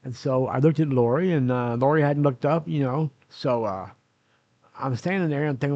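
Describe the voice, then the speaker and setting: Gravelly older man rambling through a story. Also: mid-range voice, normal speed, dry recording, dull audio. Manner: rambling, self-correcting, many "uh"s. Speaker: vlogger. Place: room in a nursing home. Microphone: camera recording himself.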